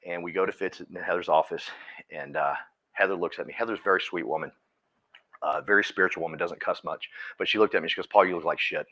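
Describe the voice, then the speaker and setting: A man giving a folksy, energetic motivational talk to his team, often repeating himself. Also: sits low, fast. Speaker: team leader speaking at a company meeting.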